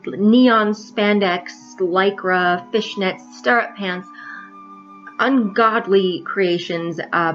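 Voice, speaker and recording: A woman's voice: medium pitch, muffled recording. A woman from New York with a trained, neutral American accent, bluntly and wryly confessing in a profane vlog monologue. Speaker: vlogger.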